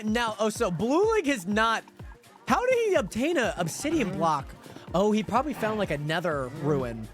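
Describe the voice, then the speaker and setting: A man with a high, bouncy voice that swoops up and down, chatting loosely with his stream viewers as he plays. He rambles and repeats himself between game moves, talking into a desk mic. Music plays clearly underneath. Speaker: livestreamer. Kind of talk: casual gaming livestream chat. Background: background music.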